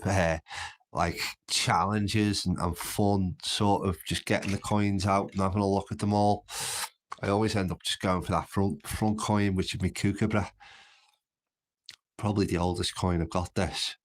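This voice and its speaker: A man's voice: sits low, level tone, normal speed. A man from Birkenhead with a Merseyside accent, chatting casually and rambling on his home livestream. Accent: Merseyside (Scouse-like). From Birkenhead, England. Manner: rambling, chatty, easily sidetracked. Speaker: livestream host.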